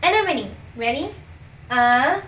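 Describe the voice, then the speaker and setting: A young woman in a comedy sketch, playing a teacher who spells out words slowly with exaggerated patience. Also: sits high, lively intonation, a bit bright, echoey room, a little hiss or hum. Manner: exaggerated, patient-then-exasperated teacher delivery, stretches out words.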